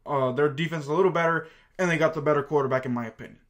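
A man with a fairly high voice talks through his sports picks in a loose, casual way. He rambles, circles back and fills gaps with plenty of asides. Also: very fast, a bit bright. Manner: rambling, chatty, lots of fillers and asides. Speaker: channel host. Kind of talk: casual sports prediction talk.

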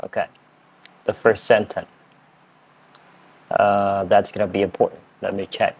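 A man's voice: lowish voice, level tone, measured pace, husky. A man whose first language is Khmer practices words over and over, laughing at his own attempts as he hosts an English lesson. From Cambodia. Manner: repeats words again and again, laughing at himself. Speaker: English teacher and channel host. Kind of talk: casual accent practice lesson.

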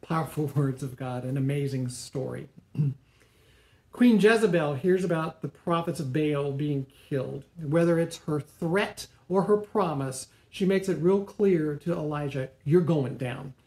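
A male pastor preaching a sermon, retelling a story dramatically with pauses and restarts. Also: on the high side, a little mellow, roomy sound. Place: church sanctuary.

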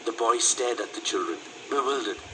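A male teacher reading a story aloud to a class with expressive, dramatic delivery. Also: medium pitch, normal speed, background noise.

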